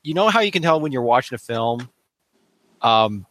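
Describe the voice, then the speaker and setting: A man's voice: mid-range voice, sing-song, moderate pace, a bit bright, dry recording. A man chatting casually about a movie, rambling and laughing often as he acts out bits of scenes. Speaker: podcast panelist. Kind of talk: casual movie review chat.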